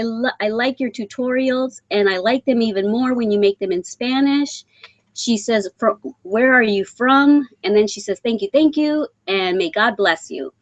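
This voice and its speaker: Middle-aged woman from Texas, live-stream host, chatty with ums and throat clearing, close dry mic. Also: on the high side, no room sound. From San Antonio, Texas. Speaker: crochet channel host reading live chat. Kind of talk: casual live-stream chat.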